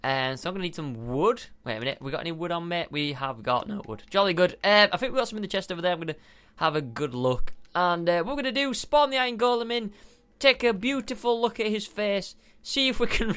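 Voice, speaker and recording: Bubbly high-voiced young man. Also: expressive, a little fast, a bit bright, clean tone. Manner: bubbly, giggly, chatty with frequent fillers. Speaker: gaming video host. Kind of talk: casual gameplay commentary.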